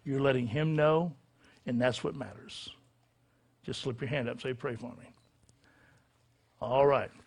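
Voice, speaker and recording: A man's voice: mid-range voice, moderate pace, long pauses, a little mellow, husky. A middle-aged male pastor giving an altar call in a church service, preaching with a fervent, repetitive cadence. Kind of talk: altar call and sinner's prayer.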